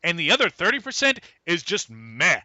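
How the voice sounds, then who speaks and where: A man co-hosts a casual podcast with a very bright, piercing tone that sits a little high. He rants with heavy emphasis, and the lo-fi audio sounds dull and dry. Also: wildly swooping pitch, normal speed, dry recording. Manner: ranting, emphatic. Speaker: podcast co-host. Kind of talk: wrestling review podcast chat.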